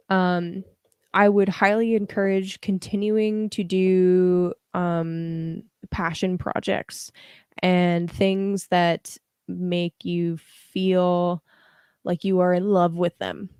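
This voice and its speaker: Slow, chatty young woman reading tarot. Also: fairly low pitch, level tone, darkish tone, smooth, no echo. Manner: chatty, laughing, slangy, answers chat. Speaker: tarot reader livestream host. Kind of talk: casual live tarot reading chat.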